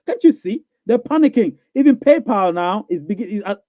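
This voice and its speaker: A man's voice: high voice, expressive, a little fast, dry recording. A man hosting a live question-and-answer stream, reading viewer comments and answering in an emphatic, repetitive way, often asking if listeners follow him. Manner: emphatic, repeats phrases, asks "you get what I'm saying?". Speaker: live Q&A show host. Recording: thin phone-like audio.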